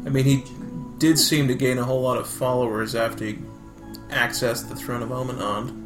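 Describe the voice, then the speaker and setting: A man's voice: medium pitch, flat delivery, brisk, roomy sound, music in the background. A man playing a tabletop role-playing game, asking thoughtful, inquisitive questions. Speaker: player.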